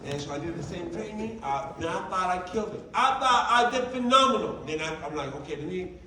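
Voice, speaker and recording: A man giving a motivational training talk to his team, telling lively stories and acting out the dialogue. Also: high voice, fast talker, noisy background. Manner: animated storyteller, acting out dialogue. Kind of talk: motivational speech. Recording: roomy, distant sound with faint ambience.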